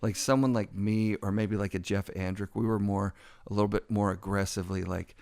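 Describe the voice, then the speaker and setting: Middle-aged podcast host, gravelly low voice, dry close mic, chatty. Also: male voice, dry recording. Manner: lively storytelling, quick asides. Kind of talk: casual podcast conversation.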